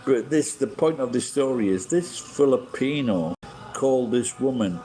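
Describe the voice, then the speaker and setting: Mellow-voiced man, swearing freely. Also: medium pitch, expressive, normal speed, faint music behind, low-quality recording. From England. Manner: heavy swearing, blunt and opinionated. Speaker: livestream host. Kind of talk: rambling casual livestream chat.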